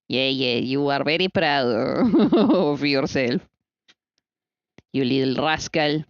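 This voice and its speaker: A woman's voice: extremely low pitch, animated, takes it slowly, dry recording, muffled recording. A woman streamer chatting casually while she bakes, playful and teasing with exasperated asides.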